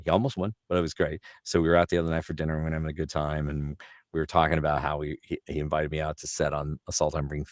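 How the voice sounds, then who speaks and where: A middle-aged voice actor telling lively anecdotes as an interview guest. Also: male voice, very deep voice, no room sound, studio quality. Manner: lively, fast-moving anecdotes. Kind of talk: anecdotal storytelling.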